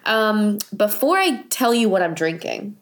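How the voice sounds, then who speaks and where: A woman co-hosting a casual podcast chat, enthusiastic and chatty, her voice raspy and hoarse from a cold. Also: medium pitch, big pitch swings, unhurried. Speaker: podcast co-host.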